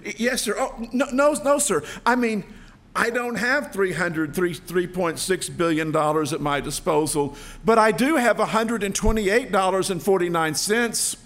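A man's voice: medium pitch, flat delivery, moderate pace, vocal fry, slightly rough. A man voicing a frightened male servant in debt who stammers and pleads. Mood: stammering.

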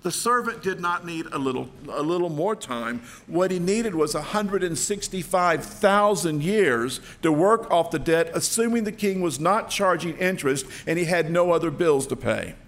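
A man's voice: on the high side, expressive, normal speed, hardly any pauses, fairly bright tone. A man preaching a sermon, telling a parable in a dramatic, vivid way. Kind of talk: storytelling sermon.

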